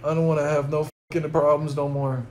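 A man's voice: fairly high pitch, level tone, fairly quick, a little mellow, a little hiss or hum, poor audio. A young man from New York, upset and close to tears, ranting through an unscripted live stream from a hotel room, swearing constantly and tacking bro and man onto his lines. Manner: profane, repeats bro and man, rambling.

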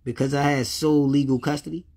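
Husky-voiced man ranting to camera. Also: a little high, level tone, fast talker, darkish tone. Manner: heated, repetitive, swears often; talks directly to listeners. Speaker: father speaking to viewers. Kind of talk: unscripted personal vlog rant.

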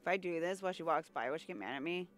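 A woman's voice: fairly low pitch, lively intonation, rapid-fire, soft background music. A woman streamer giving playful, jokey let's-play commentary as she talks to herself. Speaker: game streamer.

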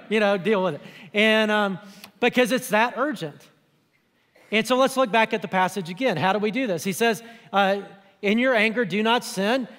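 High-voiced pastor preaching in a reverberant hall. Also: male voice, a bit bright. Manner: conversational preaching, explaining scripture. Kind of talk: sermon. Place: church auditorium.

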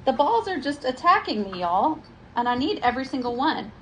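A woman's voice: sits high, sing-song, fairly quick, a bit bright, slight background noise. Chatty woman crafting on camera. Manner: chatty, self-deprecating, talks to viewers as y'all. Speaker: craft vlogger. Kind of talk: live craft tutorial chat. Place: home craft table, indoors.

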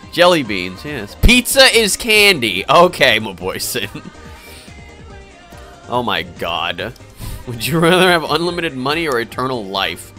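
A man's voice: medium pitch, very animated, slow pace, pauses often, bright, forceful tone. A young man live-streaming games, chatting casually and answering viewer questions in a rambling, hesitant way full of fillers and restarts. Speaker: game streamer. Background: faint game music.

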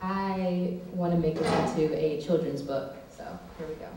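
A performer reciting spoken word poetry on a live stage in a rhythmic, expressive way. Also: mid-range voice, normal speed. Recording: echoey hall, distant mic, faint noise.

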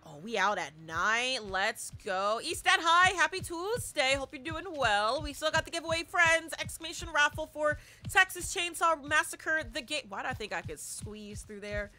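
Excitable high-voiced woman streamer. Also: moderate pace, few pauses, slight background noise. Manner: chatty, excitable, talks back to the game. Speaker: live streamer. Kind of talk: casual gaming stream chat.

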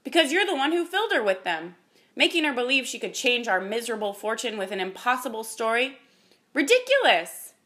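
A woman reading the part of an angry, bitter mother with a fierce, sharp manner. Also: a little high, very animated, moderate pace, hardly any pauses. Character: angry, bitter mother searching for her daughter.

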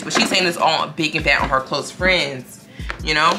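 A woman's voice: deep voice, moderate pace, music in the background. A young woman telling a story to her viewers in a casual, slangy, profane way, often quoting what other people said.

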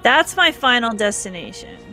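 A woman from Canada chats and giggles through a live game stream, reading out viewer comments as she plays. Her voice is bright and a little high, with faint game music running underneath. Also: big pitch swings, normal speed. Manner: giggly and chatty.

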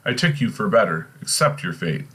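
A man's voice: fairly low pitch, very animated, brisk, fairly bright tone, husky, heavily acted. A man reading a young prince's lines in a heated, cutting way, doing a light voice. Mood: scornful. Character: Hamlet, bitter angry young prince.

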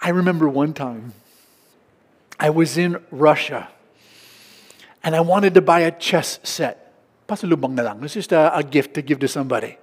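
A man's voice: on the high side, normal speed, pauses often, slightly rough, in a large hall. A man preaching a sermon as a pastor, mixing English with local Filipino phrases and acting out market haggling. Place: church hall.

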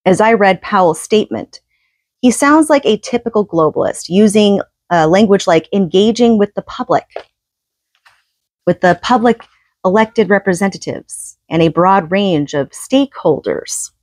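A woman's voice: medium pitch, animated, moderate pace, a little mellow, no room sound. A woman reading a book aloud and adding her own commentary in an earnest tone, often asking rhetorical questions.

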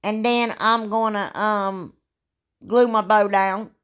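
A woman, talking through a DIY craft tutorial in a rambling, self-deprecating way, with a sore throat and frequent throat clearing. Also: mid-range voice, fairly even intonation, slow, a bit bright. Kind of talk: casual craft tutorial voice-over.

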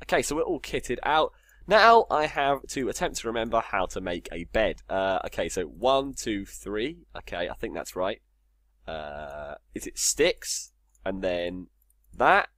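A man's voice: on the low side, animated, unhurried, a bit bright, no echo. A man casually commentating his Minecraft game, joking, swearing and talking to himself. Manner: swears a lot, jokey, talks to himself. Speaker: gamer.

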